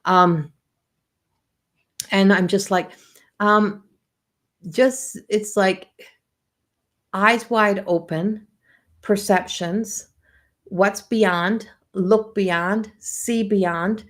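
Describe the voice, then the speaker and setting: A middle-aged woman with a Newfoundland accent, a psychic medium from Newfoundland, Canada, talks casually and ramblingly on a livestream with frequent restarts. Her mid-range voice holds a steady tone, and she speaks extremely slowly, pausing often.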